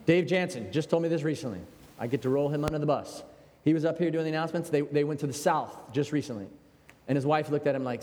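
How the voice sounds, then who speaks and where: An American man preaching a sermon in a conversational, animated way, with quoted asides. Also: on the high side, fast, a little hiss or hum. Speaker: pastor. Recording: long hall reverb.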